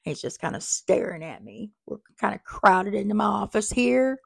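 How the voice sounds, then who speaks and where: A woman's voice: medium pitch, very animated, normal speed, gravelly, breathy edge, no echo, clean studio sound. A woman hosting a podcast in casual, rambling chat, full of asides, recorded on a small mic in a crowded little office. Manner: chatty and rambling, with many fillers and asides. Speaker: podcast host. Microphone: small microphone.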